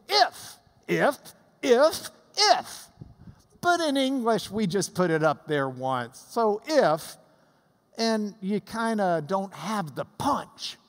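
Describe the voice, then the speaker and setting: A Bible study teacher giving a lively classroom lesson, chanting out rhythms to make a point. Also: mid-range voice, slow pace. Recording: long reverb in a hall.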